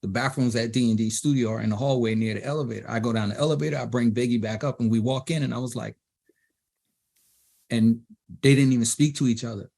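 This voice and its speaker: Brief: middle-aged New guest, husky voice, lively storyteller who mimics quoted people. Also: male voice, mid-range voice, fast talker. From Brooklyn, New York. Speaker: DJ and producer guest. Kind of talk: storytelling in a panel interview.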